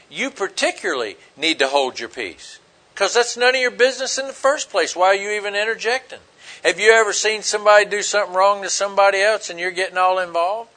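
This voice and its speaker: A man's voice: a little high, sharp tone. A man preaching an informal sermon, telling stories in a rambling, conversational way with many fillers.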